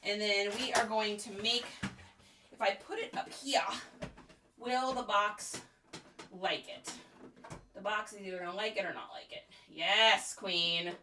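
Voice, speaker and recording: A woman's voice: medium pitch, steady tone, unhurried, pauses often, pushed and bright, slight background noise. A middle-aged woman chatting playfully in a casual vlog as an online reseller. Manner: chatty, playful, laughs a lot.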